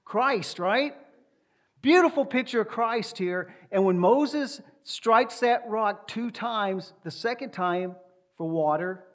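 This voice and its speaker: A man preaching an expository sermon as pastor, speaking with emphasis, repeating key words and reading scripture aloud. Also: sits high.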